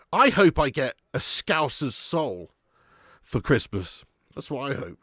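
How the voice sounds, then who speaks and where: A man's voice: mid-range voice, very animated, slow, sharp tone, no echo, studio quality. A man hosting a live football watch-along, joking and laughing as he thanks viewers for super chats.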